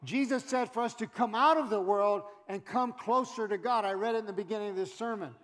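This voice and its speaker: A middle-aged man preaching a sermon as pastor, animated, swinging from loud exhortation to quiet asides. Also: high voice, brisk. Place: church sanctuary. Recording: long hall reverb.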